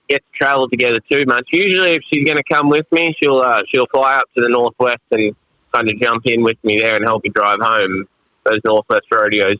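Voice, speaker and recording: Bright, easygoing Australian man. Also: mid-range voice, no echo, poor audio. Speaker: guest roper. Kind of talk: casual chat. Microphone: phone call.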